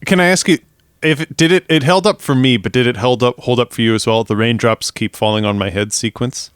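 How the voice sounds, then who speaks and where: A man co-hosts a podcast, reacting to his partner with short replies and easy laughs. His voice is smooth and resonant at a middle pitch. The recording is dry and close. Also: brisk, no echo. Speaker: podcast co-host. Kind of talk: casual movie chat.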